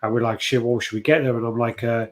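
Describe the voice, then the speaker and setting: A man's voice: medium pitch, little pitch movement, quick pace. A man casually telling an anecdote, swearing freely and acting out the voices of the people in it. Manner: swears often, acts out quoted voices. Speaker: show co-host. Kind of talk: casual storytelling chat.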